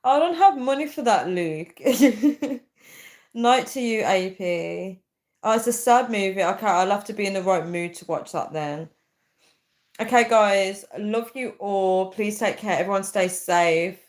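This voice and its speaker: A young woman hosting a casual live stream, reading viewer comments aloud and thinking out loud with many fillers. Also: medium pitch, unhurried. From United Kingdom. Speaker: livestream host.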